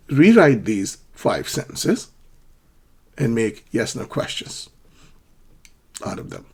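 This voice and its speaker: Brief: male ESL teacher, husky tone, lively up-and-down pitch, patient drills. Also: slow pace, pauses often. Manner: patient, repeats examples with clear question intonation. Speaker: English teacher. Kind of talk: ESL grammar lesson.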